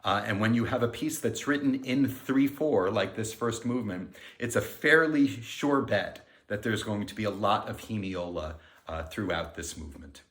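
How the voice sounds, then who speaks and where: A middle-aged man, a music director, giving a pre-concert talk and explaining the music in an unhurried, friendly lecturing way. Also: on the low side, fairly bright tone. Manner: explanatory, counts beats aloud and sings themes. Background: piano.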